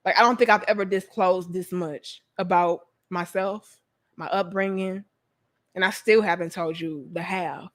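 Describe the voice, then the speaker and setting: A woman's voice: fairly low pitch, fairly even intonation, unhurried, fairly bright tone. A woman hosting a casual livestream chat, talking emphatically with slang and frequent swearing. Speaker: livestream host.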